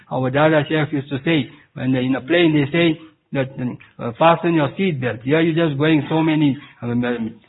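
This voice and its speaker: A man giving an Islamic sermon as a Sufi preacher, halting and restarting, with Arabic recitation woven in. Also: on the high side, husky. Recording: tinny phone-like recording.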